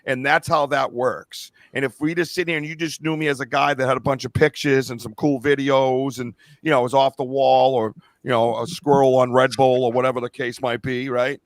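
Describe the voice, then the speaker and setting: A man's voice: mid-range voice, flat delivery, a little fast, few pauses, no room sound, studio quality. Earnest middle-aged man on a podcast. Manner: emotional, choked up, earnest. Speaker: podcast host. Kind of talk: casual podcast chat.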